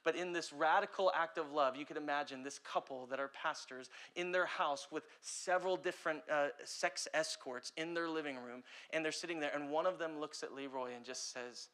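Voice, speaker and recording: A young adult man preaching a sermon as pastor, impassioned, swinging between loud urgent passages and quiet ones. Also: fairly high pitch, normal speed, hardly any pauses, clean tone.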